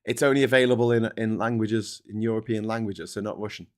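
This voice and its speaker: A man's voice: lowish voice, fairly even intonation, fast. Angry, sweary British man ranting. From Britain. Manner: angry, sweary, swings between shouting and mumbling. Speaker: livestream host. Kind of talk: ranting political commentary livestream.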